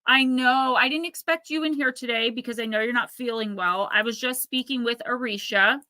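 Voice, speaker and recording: A woman's voice: on the high side, fairly quick, pushed and bright, dry recording. A woman in her thirties hosting a casual livestream, rambling and chatty as she reads out viewer comments. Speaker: livestream host.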